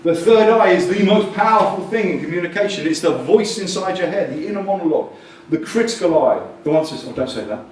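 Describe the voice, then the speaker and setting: A man giving a jokey, animated talk at a coaching conference and acting out quotes in different voices. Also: high-pitched, fairly quick, slight background noise. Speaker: conference speaker. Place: conference hall with audience. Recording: distant mic in an echoey hall.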